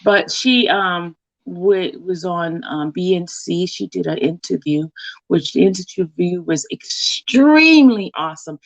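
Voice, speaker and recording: A woman hosting a casual livestream, greeting viewers one by one by name and talking slowly. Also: fairly low pitch, animated, no room sound, low-quality recording. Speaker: livestream host. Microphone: computer or phone mic.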